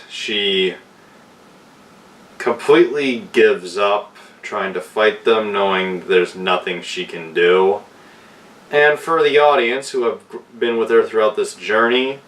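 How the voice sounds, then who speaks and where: A man giving a casual spoken film review, retelling the plot in an unhurried way with fillers and restarts. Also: lowish voice, a bit bright. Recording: voice distant from the mic.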